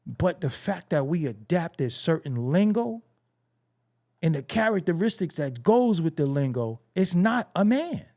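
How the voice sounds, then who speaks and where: A middle-aged man delivers a blunt, profane commentary rant with a streetwise edge. His voice sits a little high for a man and swings widely up and down as he mocks the phrases of the people he talks about. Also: very animated, measured pace, a little mellow. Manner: mimics other people's phrases mockingly. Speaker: show host.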